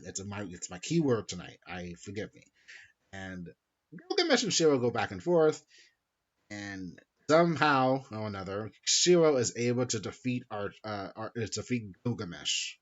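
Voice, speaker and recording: A man's voice: on the low side, very animated, moderate pace. A man hosting a podcast, casually recapping a story in a rambling, self-correcting way with some swearing. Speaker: podcast host. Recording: dull lo-fi sound.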